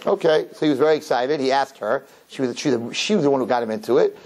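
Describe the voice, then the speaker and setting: A rabbi telling a lively personal story to an audience, acting out the dialogue as he goes. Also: medium pitch, quick pace, some chatter behind. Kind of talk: storytelling talk.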